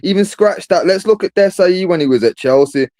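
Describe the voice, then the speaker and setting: A man's voice: high-pitched, brisk, mellow, no room sound. Emphatic man arguing football. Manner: emphatic, argumentative, says bro a lot. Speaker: football podcast host. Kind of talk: casual debate.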